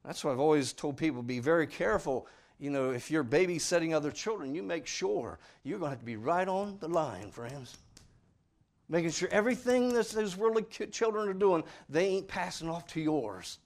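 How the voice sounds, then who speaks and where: A man delivering a homespun sermon to his congregation, his fairly high voice leaping up and down with feeling. He leans hard on key words, then drops to near-whispered asides, earnest and plain-spoken throughout. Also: expressive, moderate pace. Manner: folksy, earnest, swings between loud stress and quiet asides. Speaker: preacher; father.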